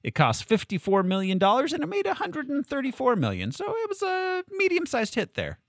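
A man's voice: very high-pitched, huge pitch swings, a little fast, a bit bright, no echo, clean studio sound. A man hosting a casual movie podcast, joking and laughing often as he talks. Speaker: podcast host.

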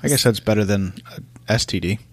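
A man's voice: lowish voice, fast talker, no echo. A man co-hosting a podcast who teases and sarcastically interrupts his co-host in casual chat. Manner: teasing, sarcastic banter.

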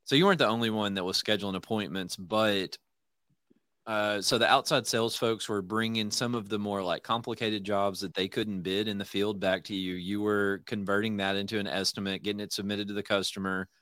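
A low-pitched man with a drawl, hosting a relaxed interview show. His talk wanders, full of fillers and restarts, and the sound is close and dry. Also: fairly quick, clear, resonant tone, no room sound. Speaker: podcast host. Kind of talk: casual conversational interview.

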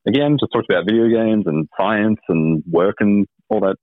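A man's voice: fairly low pitch, moderate pace, dry recording. A man telling a dating story as a guest, wry and hesitant with many ums. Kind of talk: casual storytelling. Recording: tinny phone line.

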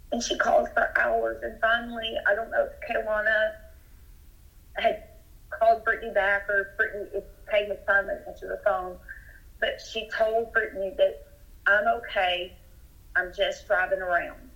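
A woman's voice: mid-range voice, gravelly, a bit bright. A woman from Texas telling a personal story as a guest, in an earnest, detailed way. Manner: earnest, detailed retelling with rising urgency. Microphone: telephone. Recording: muffled phone line.

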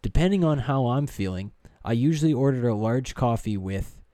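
A man co-hosting a sports podcast who tells stories in an animated way and quotes people with relish. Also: medium pitch, normal speed, no room sound, clean studio sound. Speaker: podcast co-host. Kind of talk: casual sports chat.

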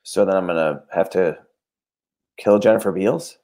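A man, an actor chatting in a loose, halting way, often stopping to search for words. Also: low voice, warm tone. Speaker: actor and podcast guest. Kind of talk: casual comedic chat.

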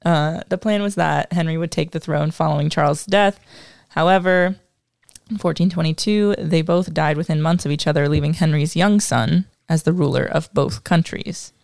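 A woman's voice: deep voice, normal speed, creaky, darkish tone, no echo, clean studio sound. A woman co-hosting a casual history podcast, explaining from her notes with filler words and self-deprecating asides. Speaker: podcast co-host.

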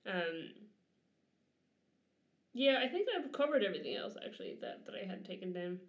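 A woman's voice: mid-range voice, animated, normal speed, highs cut off. Irish woman, dublin accent, chatty and giggly, roomy echo on the mic. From Ireland, Dublin. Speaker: podcast co-host. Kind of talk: casual chat. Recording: roomy echoey room.

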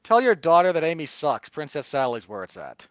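A man's voice: on the high side, sing-song, fairly quick, no echo, dull audio. Dry, sardonic podcast man. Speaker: podcast co-host. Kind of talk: casual movie-review chat.

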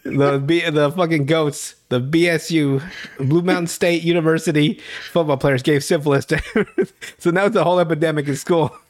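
A man in a loose podcast chat recaps a raunchy episode, slipping into the characters' lines as he goes. His voice sits a little higher than most men's and is recorded close and dry. He keeps breaking into laughter and swears freely. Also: fairly even intonation, normal speed, no echo. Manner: laughing storyteller, acts out lines, heavy swearing. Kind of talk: casual profane recap chat.

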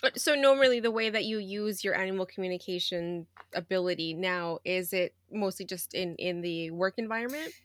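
A woman's voice: medium pitch, a little fast, few pauses, dry recording, studio quality. A woman co-hosting a podcast, asking curious questions casually and laughing along. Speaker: podcast co-host.

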